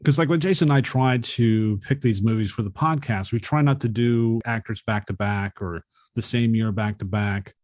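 Male podcast co-host, low voice, easygoing banter. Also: normal speed, darkish tone. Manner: easygoing, chatty. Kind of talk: casual movie podcast chat.

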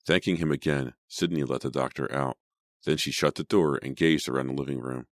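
Man, extremely deep voice, audiobook narration, steady and dramatic, dry close sound. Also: fairly quick, no echo.

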